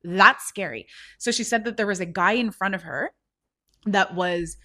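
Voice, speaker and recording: A woman hosting a podcast, retelling a story in a casual, animated way with lots of "like" fillers. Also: mid-range voice, normal speed. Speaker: podcast host.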